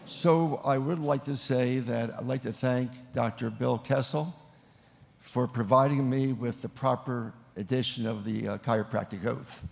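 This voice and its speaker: Gravelly older man with a hall echo. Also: mid-range voice, fairly even intonation. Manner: emphatic, slow and proud, with phrases for repeating. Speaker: professor leading an oath. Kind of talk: ceremonial speech leading a recited oath. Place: large ceremony hall. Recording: long echo of a large hall.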